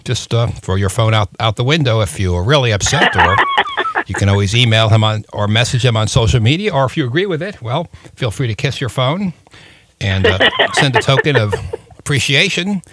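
A man hosting a talk radio show, chatty and jokey, interviewing a guest with some halting pauses. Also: mid-range voice, lively intonation, fairly bright tone, dry recording. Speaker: radio host.

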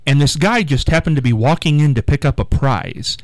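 A man's voice: medium pitch, lively intonation, fairly quick, no echo, rough recording. A male interviewer asking about past moments and retelling a story animatedly, chuckling as he goes. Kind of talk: conversational interview.

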